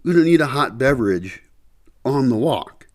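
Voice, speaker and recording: A man's voice: mid-range voice, expressive, moderate pace, darkish tone. A man talking casually to his camera in a vlog, rambling and thinking aloud with many fillers, his speech a little muffled by a candy in his mouth. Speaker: vlogger. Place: house indoors before dawn.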